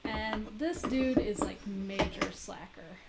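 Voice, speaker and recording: A woman's voice: medium pitch, slow pace, vocal fry, very noisy. A woman chatting in a rambling, giggly way during a crafting live stream. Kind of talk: casual chat while weaving.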